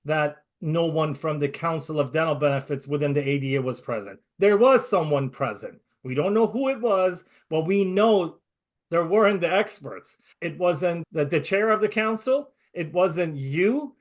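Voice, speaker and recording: A man's voice: on the high side, expressive, normal speed. A male interview host who talks in an emphatic, indignant way and speeds up in bursts. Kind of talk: conversational interview.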